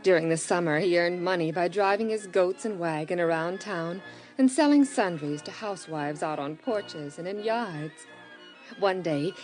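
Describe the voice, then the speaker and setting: A woman narrating a radio Bible story in a calm, measured way. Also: mid-range voice. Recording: music under the voice.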